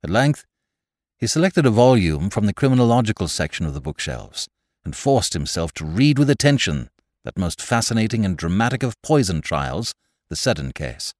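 A man narrating a classic novel as an audiobook, telling the story with expressive rises and falls. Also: fairly low pitch, normal speed, no room sound, studio quality. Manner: expressive storytelling, rising with excitement.

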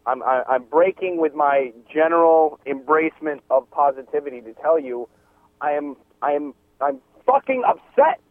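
A man's voice: fairly high pitch, lively intonation, moderate pace. A man with a Boston accent phoning in to a comedy show, rambling through menacing threats. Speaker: caller. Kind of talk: comedic phone-in rant. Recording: tinny phone line.

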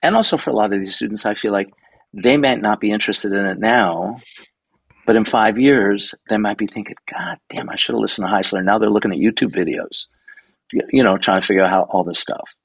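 A guest photographer in his sixties tells anecdotes in a casual interview, his low, gravelly, slightly husky voice captured close and dry with no echo. He talks a little fast in a loose, animated style, swearing freely and mimicking the voices of people he quotes. The recording quality is low.

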